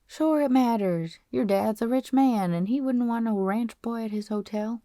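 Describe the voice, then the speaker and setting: A proud, poor ranch boy refusing charity, his speech full of rustic country grammar and a stubborn drawl. A woman puts him on in an audiobook, her voice mellow and warm. The sound is dry and close. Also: fairly high pitch, normal speed, dry recording, pitched above the performer's own voice, lightly acted. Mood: earnest.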